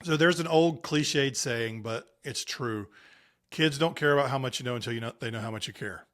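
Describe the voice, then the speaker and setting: In a conversational interview about sports parenting, a guest in his late thirties tells stories and offers advice with earnest emphasis and frequent restarts. He speaks at a moderate pace with a medium-pitched, fairly bright voice.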